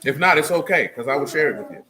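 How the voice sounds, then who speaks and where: A man leading a scripture lesson for a small group, asking questions and drawing out words slowly, with a stern, scolding manner. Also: a little high, animated, sharp tone. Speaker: teacher of a small religious assembly. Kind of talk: scripture teaching with questions to listeners.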